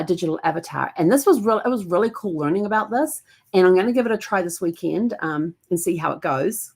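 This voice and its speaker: Kiwi woman vlogger, low husky voice, rambling casual chat with lots of restarts. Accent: New Zealand. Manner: rambling, meandering, self-correcting. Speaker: family history vlogger. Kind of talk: casual daily vlog chat.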